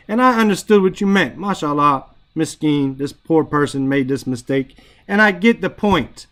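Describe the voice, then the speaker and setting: A man's voice: fairly high pitch, expressive, moderate pace, a bit bright. A man teaching Arabic grammar in an online class, explaining in casual English, reciting Arabic phrases and checking in often with "right?".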